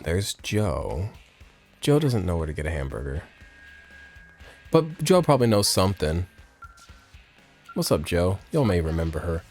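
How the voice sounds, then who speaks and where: A man's voice: deep voice, sing-song, a little slow, long pauses, a little mellow, soft background music. A man giving crude, joking commentary while playing a video game. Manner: jokey, crude, rambling asides. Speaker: let's play streamer. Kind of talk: casual gameplay commentary.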